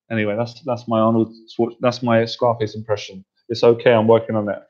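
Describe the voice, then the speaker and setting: A male dating coach chats casually with his group, playful and quick to laugh. His voice sits at a middling pitch. The recording is dull and lo-fi. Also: flat delivery, darkish tone. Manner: chatty, playful, often laughing.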